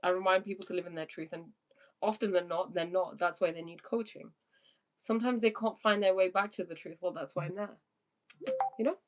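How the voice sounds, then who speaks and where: A woman's voice: fairly low pitch, fairly even intonation, brisk. A young woman working as a life coach, reading viewer questions aloud and answering them earnestly on a live stream. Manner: spiritual, earnest, prone to laughing.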